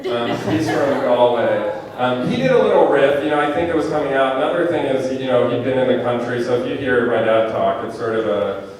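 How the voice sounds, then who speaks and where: A man's voice: medium pitch, crowd noise. A man, a film director, answering audience questions at a screening in a casual, rambling way with lots of fillers. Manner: chatty, rambling with fillers and quick asides. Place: movie theater auditorium. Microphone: handheld microphone. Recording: echoey theater heard from far off.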